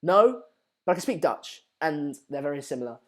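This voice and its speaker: Young male streamer with a slightly high voice, chatty and informal, riffing on viewer comments. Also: sing-song, moderate pace. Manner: chatty, reads out viewer comments with lots of fillers. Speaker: live-stream watchalong host. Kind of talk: casual live-stream commentary.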